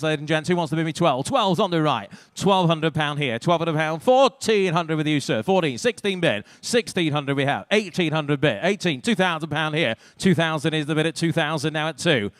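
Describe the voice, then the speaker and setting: A British male auctioneer rattles off bid numbers in a quick, rhythmic call, his voice sitting a little high for a man. It is close and dry, with no room echo, and he drops in wry asides between bids. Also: a bit bright. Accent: British English. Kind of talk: live auction calling.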